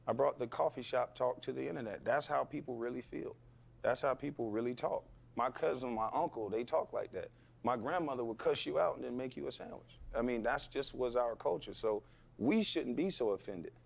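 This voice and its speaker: A former athlete as a podcast guest, talking bluntly and emphatically and firing back rhetorical questions. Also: male voice, mid-range voice, fairly quick, vocal fry. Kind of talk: heated podcast interview.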